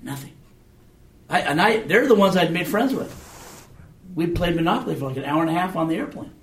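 Heard from a distant mic in an echoey room, this Bible teacher speaks on the high side, a little fast, with lively intonation. His style is relaxed and conversational, with frequent questions to his students.

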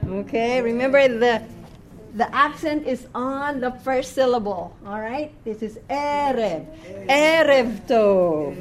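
A woman's voice: on the high side, unhurried. A woman teaching a class, patient, repeating words and checking in with frequent questions. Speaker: Hebrew teacher.

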